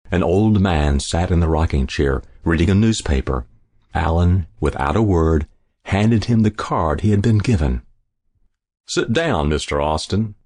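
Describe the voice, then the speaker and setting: A man narrating a short story in a measured, even storytelling manner, after a short introduction of its author. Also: deep voice, no echo, studio quality. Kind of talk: scripted short story reading.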